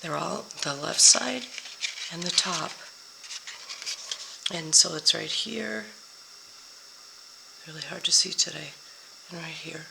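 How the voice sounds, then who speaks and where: A woman's voice: deep voice, takes it slowly, gravelly, pauses often. An older woman with a scratchy voice from being ill, chatting her way through a card-making tutorial and sometimes losing track of product names. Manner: chatty, forgets product names mid-sentence. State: scratchy voice from a week-long illness. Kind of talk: crafting tutorial.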